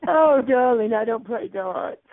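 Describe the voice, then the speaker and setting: A man's voice: very high voice, animated, unhurried, dry recording, pitched above the performer's own voice, heavily acted. A man on a noisy phone line voicing a flamboyant male showman who drawls and calls everyone darling. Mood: preening.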